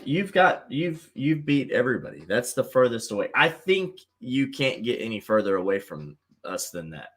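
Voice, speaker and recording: A man's voice: medium pitch, a bit bright. A middle-aged man hosting a live call-in show in a casual, rambling way, full of fillers and repeats. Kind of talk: casual livestream chat.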